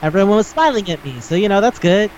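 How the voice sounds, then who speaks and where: A skittish, apologetic young woman, as a man puts her on in a podcast, her voice pitched up and eager to please. The recording is a little dull and carries a faint hiss underneath. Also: expressive, quick pace, darkish tone. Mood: cheerfully resigned. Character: nervous, clumsy, people-pleasing young woman.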